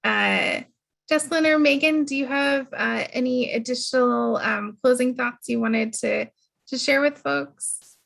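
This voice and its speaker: A woman's voice: high voice, a little slow, gravelly, fairly bright tone. A woman moderating an online panel webinar, speaking hesitantly with many fillers over a video call.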